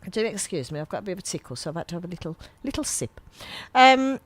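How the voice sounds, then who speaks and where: A woman's voice: lowish voice, sing-song, fast. A woman, hosting a local radio show in a gushing, chatty, rambling way. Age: 50s. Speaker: radio presenter. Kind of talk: casual local radio chat. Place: small radio studio. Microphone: studio microphone.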